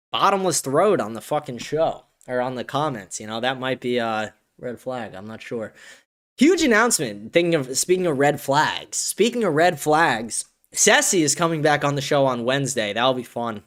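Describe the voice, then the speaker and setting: A man hosting a podcast in casual chat, excitable and profane, often laughing as he reads and answers viewer comments. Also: medium pitch, moderate pace. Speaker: podcast host.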